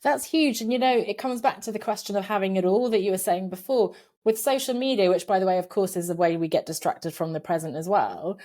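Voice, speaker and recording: A middle-aged woman being interviewed from her home office, talking in a lively, animated way, laughing often and acting out voices in her head. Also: mid-range voice, brisk. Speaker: podcast guest, career coach. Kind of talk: casual conversational interview.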